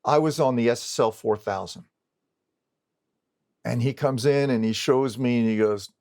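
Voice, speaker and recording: An older man, a recording engineer, recounts his career in a lively storytelling manner. He acts out the lines of the people in his story. His voice sits at an ordinary middle pitch. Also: moderate pace, long pauses. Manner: animated storyteller acting out dialogue. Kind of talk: storytelling interview talk.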